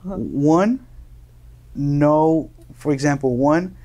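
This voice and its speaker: A young man from Colombia, a native Spanish speaker, telling casual stories as an interview guest, animated and laughing often. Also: fairly high pitch, extremely slow. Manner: animated, laughing, acts out quoted voices. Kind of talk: casual storytelling.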